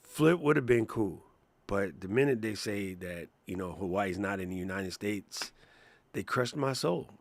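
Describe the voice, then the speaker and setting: Gravelly animated man chatting on a podcast. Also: on the low side, no room sound. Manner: animated, joking, puts on quick impressions. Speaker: podcast co-host. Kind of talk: casual chat.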